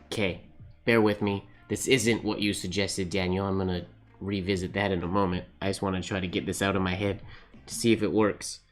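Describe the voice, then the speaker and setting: A man's voice: sits low, level tone, fairly quick, soft background music. A man hosting a live calligraphy stream, chatting casually and thinking aloud as he writes, laughing often and answering viewers. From Canada. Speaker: calligraphy livestream host. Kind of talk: casual chat while writing live.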